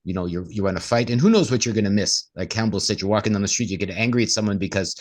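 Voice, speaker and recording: Male co-host, lowish voice, casual talk, slips into acted inner voices. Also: very fast. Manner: acts out inner voices in quoted asides. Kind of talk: casual conversational discussion.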